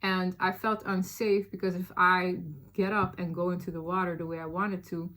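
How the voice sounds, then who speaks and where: A woman's voice: lowish voice, moderate pace. Chatty woman telling a storytime. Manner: animated, chatty, many fillers, addresses listeners as y'all. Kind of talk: casual storytime chat.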